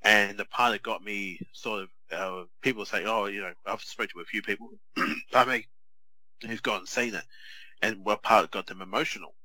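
A male podcast co-host chats in an animated way, often restarting his sentences. His fairly low voice is very bright and sharp, at normal speed, and the rough recording sounds dry and close with no room or echo.

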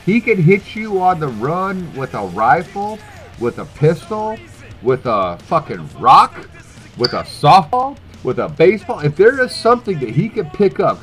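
A man on a podcast telling a story in a lively voice that swoops up and down. He swears freely and laughs as he goes. Faint music plays behind him. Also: fairly high pitch. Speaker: podcast co-host. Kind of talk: casual chat.

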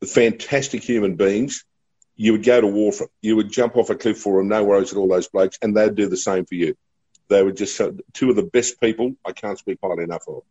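A middle-aged Australian man, a radio broadcaster, spins chatty anecdotes and laughs easily. His voice sits low, with a husky, mellow grain. The recording sounds dull and lo-fi. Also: steady tone, fairly quick. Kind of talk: casual storytelling.

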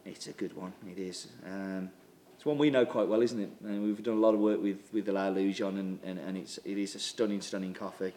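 A man's voice: low-pitched, brisk, slight background noise. A man hosting a coffee show, chatting casually and reading out viewer comments with plenty of fillers. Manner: relaxed, chatty, with many fillers and throat clearing. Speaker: coffee subscription show host.

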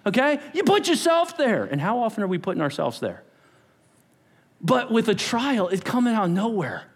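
A man preaching a sermon as pastor, animated, acting out quotes and dropping to whispers. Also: high-pitched, normal speed, breathy edge. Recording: long hall reverb.

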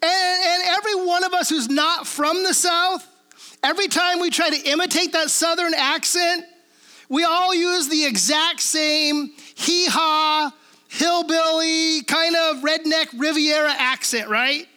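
Woman, pastor, from the Pacific Northwest, casual sermon teaching, high voice, keeps checking in with listeners. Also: fairly even intonation, measured pace, pushed and bright. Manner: casual, checks in with listeners through frequent tag questions.

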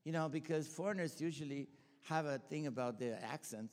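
A man's voice: fairly high pitch, brisk, a little mellow. An older man from Bulgaria with a Bulgarian accent, preaching informally in a rambling, enthusiastic way full of restarts. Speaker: pastor and school leader. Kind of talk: informal sermon with personal stories. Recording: long hall reverb.

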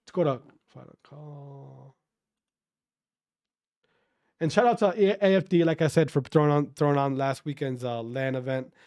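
Profane high-voiced man ranting. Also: moderate pace, long pauses, no room sound, clean studio sound. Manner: profane, fired-up ranting, then calmer. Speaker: esports commentary streamer. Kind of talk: casual rant and news rundown.

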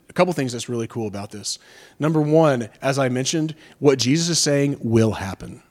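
A man's voice: mid-range voice, a little mellow. A man preaching a sermon in a conversational, impassioned way, joking with the congregation. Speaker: pastor.

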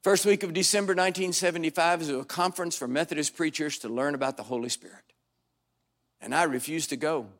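An older male pastor with a somewhat high voice talks quickly as he tells a wry story in a storytelling sermon. He delivers it dramatically, breaking into sudden loud bursts, before a congregation in a church sanctuary.

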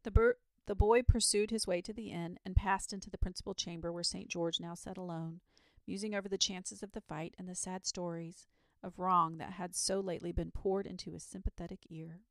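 A woman reading a children's story aloud in a calm, soothing bedtime reading. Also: fairly low pitch, brisk, no echo, clean studio sound.

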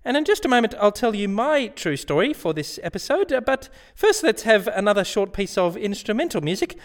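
A man hosts the show in a polite, earnest manner, chuckling as he talks. His voice sits a little high for a man. His intonation is lively and rises and falls a lot. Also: brisk. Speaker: host. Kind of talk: scripted comic radio-show hosting.

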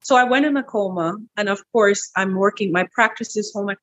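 A middle-aged woman guest in an interview, telling a personal story in a lively, animated way, repeating words as she goes. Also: brisk. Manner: animated, breaks into high quoted voices, repeats words. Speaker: interview guest, wellness clinic owner.

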